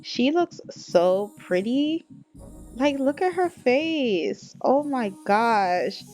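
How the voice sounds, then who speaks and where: A woman's voice: a little high, very animated, extremely slow, a little mellow, soft background music. A woman narrating a life-sim game in a casual, chatty way, laughing often and talking straight to her viewers. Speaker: gameplay vlogger.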